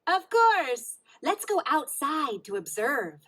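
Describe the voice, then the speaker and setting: Sweet patient preschool teacher, woman voicing her, high and sing-songy, slow. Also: sing-song, fairly bright tone, heavily acted. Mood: encouraging. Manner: encouraging, explaining. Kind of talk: storybook read-along.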